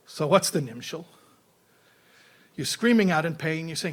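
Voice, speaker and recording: A man teaching as a rabbi in an animated Torah lecture, weaving in a parable. He often stumbles and repeats words as he restarts, and his voice sits somewhat high for a man. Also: moderate pace, pauses often.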